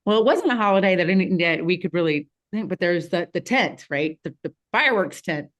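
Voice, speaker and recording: A woman, a podcast guest telling a childhood story in a casual, animated way with frequent laughs and fillers. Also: on the low side, fairly quick. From Southeast Missouri, USA.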